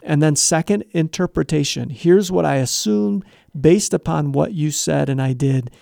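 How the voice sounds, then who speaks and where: A middle-aged man explains advice in an earnest, conversational teaching style, slipping into little acted-out exchanges. His voice sits a touch high for a man, with a gravelly edge and a dark, mellow tone. The recording is dry and close, with no room sound. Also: normal speed, dry recording. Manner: earnest, explains step by step, acts out quoted dialogue. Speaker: guest giving Christian advice.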